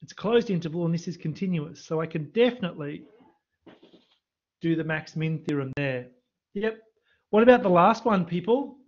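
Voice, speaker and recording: Teaching a maths revision lesson over a live stream, this university lecturer quizzes students in the chat. He sounds on the high side and expressive, talking at normal speed with frequent pauses, and the computer mic makes the audio dull.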